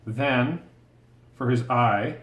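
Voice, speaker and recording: A man's voice: medium pitch, very slow. A man teaching a step-by-step drawing lesson, patient and encouraging, talking through each stroke as he draws. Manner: patient, encouraging, thinks aloud while drawing. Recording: roomy echo.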